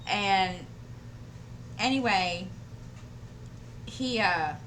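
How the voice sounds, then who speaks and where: Slow-talking woman with a bright voice. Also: mid-range voice, lively intonation, slight background noise. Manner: rambling storyteller with many fillers and restarts. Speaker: craft channel host. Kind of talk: casual chat while diamond painting. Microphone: desk microphone.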